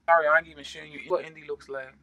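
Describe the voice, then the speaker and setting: Guy doing a laid-back tarot reading, kinda high voice, super bright edgy tone, jokey and slangy. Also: level tone, rapid-fire, vocal fry, low-quality recording. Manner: playful and slangy, adds sound effects. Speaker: tarot reader.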